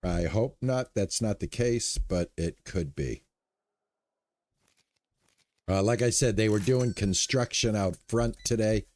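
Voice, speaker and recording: Man, gaming streamer, unhurried, dry close sound, casual live chat with viewers. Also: fairly low pitch, no echo. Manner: relaxed, chats with viewers between game remarks. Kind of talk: live stream commentary while playing.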